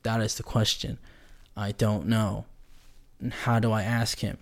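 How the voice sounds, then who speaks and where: A man's voice: fairly low pitch, little pitch movement, unhurried, gravelly. A man hosting a casual solo podcast, rambling and joking in a slangy way. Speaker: podcast host.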